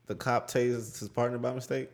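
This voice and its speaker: A man's voice: mid-range voice, flat delivery, moderate pace. A man in a casual group chat, making laid-back, wry remarks.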